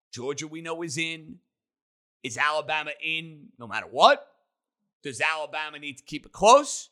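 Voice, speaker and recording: A man hosting a sports talk show, delivering an opinionated monologue with emphatic, rapid-fire takes. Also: a little high, bright, forceful tone. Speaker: sports radio host.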